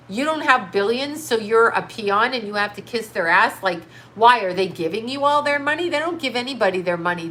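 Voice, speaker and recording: A woman's voice: on the high side, fairly bright tone. A middle-aged woman hosting a livestream, chatting with viewers in a blunt, rambling, indignant way. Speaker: livestream host reading chat. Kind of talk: casual ranting livestream chat.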